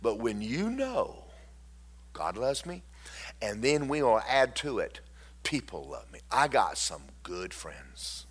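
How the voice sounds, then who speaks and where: A man preaching a sermon, swinging from loud declarations to hushed, tender storytelling. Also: medium pitch, sing-song, slow pace, breathy edge.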